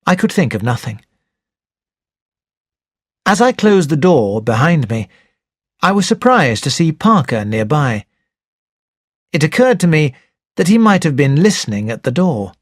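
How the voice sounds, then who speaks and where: Male narrator reading a mystery real slow, lots of ups and downs, dry close mic. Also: on the high side, no room sound. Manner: clear, deliberate, expressive reading. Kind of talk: slow audiobook narration for English learners.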